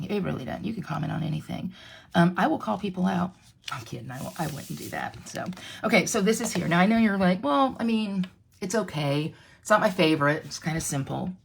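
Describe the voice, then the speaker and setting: A woman's voice: mid-range voice, gravelly, a bit bright, a little hiss or hum. A middle-aged woman with an American accent, chatting in a self-deprecating way as she demonstrates card-making in a live tutorial. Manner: chatty, self-deprecating, talks while crafting. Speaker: stamping demonstrator.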